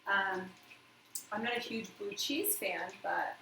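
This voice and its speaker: A woman's voice: mid-range voice, slow pace. A woman hosting a live cooking stream from her home kitchen, rambling casually to viewers as she cooks. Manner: chatty, rambling, talks to viewers while cooking. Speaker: live cooking show host. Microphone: phone set back from her. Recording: roomy echo, distant mic, clear background noise.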